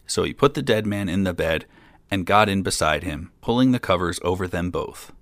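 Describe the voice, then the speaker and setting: A man reading a fairy tale aloud in a calm, steady storytelling manner. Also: sits low, moderate pace, no echo, clean studio sound.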